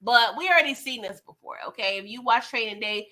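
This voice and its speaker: A woman's voice: a little high, brisk, sharp tone. A woman hosting a casual live show recap, chatty and laughing often, retelling scenes in quoted voices. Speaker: TV recap host.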